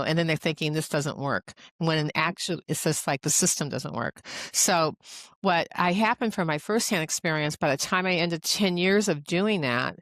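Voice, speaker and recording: Chatty middle-aged woman coach, low-pitched. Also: fairly bright tone, no room sound. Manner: chatty, rambling, full of "you know" and "like". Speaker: guest, executive coach. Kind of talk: casual interview storytelling.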